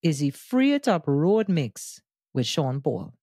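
A man hosting a music podcast, explaining his views with animated enthusiasm in casual discussion. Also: fairly high pitch, takes it slowly, slightly rough, dry recording, studio quality. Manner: animated, enthusiastic explainer who breaks into sung bits. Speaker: podcast host.

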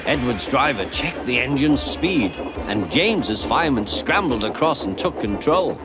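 A man telling a children's story with an animated voice that rises and falls widely. Music plays softly underneath. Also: medium pitch, normal speed. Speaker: narrator. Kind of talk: storybook narration.

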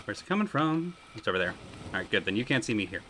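A man doing live commentary while playing a video game, excitable, swearing and talking to himself. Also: lowish voice, fast talker, a little hiss or hum.

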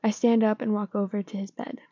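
A woman narrating a story in a soft, partly whispered, calm way. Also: mid-range voice, a little fast, no echo, lo-fi sound. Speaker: story reader.

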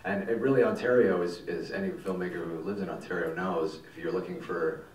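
A man, a film director telling stories at a festival Q&A, animated and rambling and swearing casually. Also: low-pitched, brisk. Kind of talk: festival Q&A storytelling. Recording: echoey hall, mic from far off.

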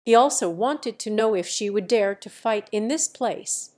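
A woman in steady scripted narration of a translated web novel, reading even the dialogue in her own voice. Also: a little high, normal speed. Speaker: audiobook narrator.

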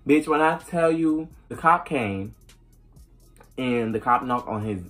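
A young adult woman vlogging a casual storytime, animated and profane, acting out the dialogue. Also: a bass voice, measured pace, soft background music.

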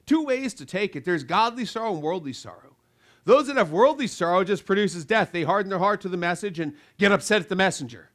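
Guy pastor preaching hard, kinda high voice, gets loud then drops low, acts out what people say. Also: animated, a little fast. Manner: emphatic preaching with swings between loud and quiet; acts out quoted voices of listeners. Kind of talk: sermon.

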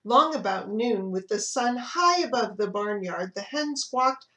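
Woman children's librarian, reading picture books aloud, slow, slightly high voice, expressive. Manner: expressive, animated storytelling.

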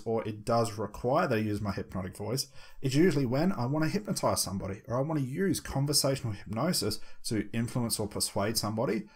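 A man with a husky, slightly breathy voice gives a lesson on hypnosis. He speaks at an ordinary pitch and drops into a slow, measured delivery with deliberate pauses when he demonstrates a technique. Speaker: hypnosis instructor. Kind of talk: instructional talk.

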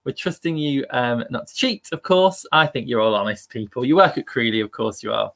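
A man's voice: mid-range voice, brisk, vocal fry, a bit bright. A man hosting a live-streamed quiz, upbeat and chatty and laughing at himself. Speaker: quiz host.

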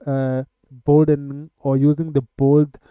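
A man teaching web coding in a screen-recorded tutorial, talking in a halting way with many filler sounds. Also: fairly high pitch, flat delivery, clear, resonant tone, no room sound, narrow, tinny audio. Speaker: coding instructor.

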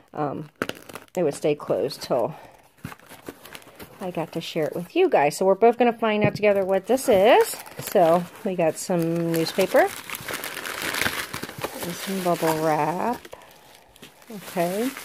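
A woman chatting casually to her viewers as she opens a gift box, soft-spoken and gushing, often stammering with excitement. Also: lowish voice, slight background noise. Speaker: vlogger opening a gift box. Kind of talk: casual unboxing chat to camera.

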